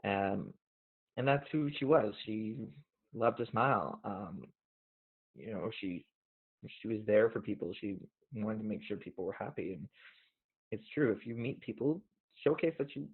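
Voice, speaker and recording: A man hosting a show, talking casually in an earnest, reflective way and reading poems aloud, gently emotional. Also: on the low side, lively intonation, moderate pace, slightly rough. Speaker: podcast host. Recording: tinny phone-like audio.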